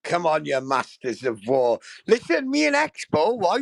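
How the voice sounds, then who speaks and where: A man's voice: high-pitched, sing-song, moderate pace, gravelly, no room sound, rough recording. A young man hosting a livestream, brash and sweary, full of rowdy banter that he keeps tagging with "bro" and "right". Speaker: livestream host.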